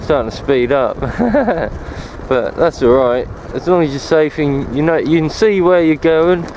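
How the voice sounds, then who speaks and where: A man's voice: a little high, animated, a little slow, a little mellow, slight background noise, poor audio. Rambling, cursing man on a bike path. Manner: rambling, swears freely. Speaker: cycle-touring vlogger. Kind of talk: casual chat while riding. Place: outdoors on a rural cycle path. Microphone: handheld camera while cycling one-handed.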